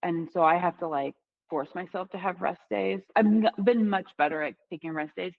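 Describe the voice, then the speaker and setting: A woman with a fairly low voice chats openly on a podcast, swearing casually and laughing as she goes. The sound is a little muffled and lo-fi. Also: moderate pace, creaky, no echo. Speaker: podcast co-host.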